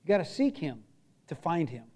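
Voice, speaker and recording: A middle-aged man preaching a sermon as pastor, earnest, repeating short phrases and dropping from loud emphasis to a hush. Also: fairly high pitch, sing-song, normal speed.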